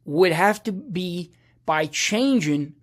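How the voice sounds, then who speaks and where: A man teaching a lesson, patient and halting, often restarting a phrase and checking in with the listener. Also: sits high, animated. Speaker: language teacher. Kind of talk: explaining a lesson.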